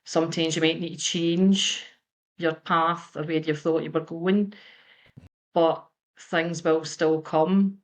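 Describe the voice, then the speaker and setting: A woman speaking as a podcast guest, calm and measured. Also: low-pitched. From Scotland. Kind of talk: reflective interview answers.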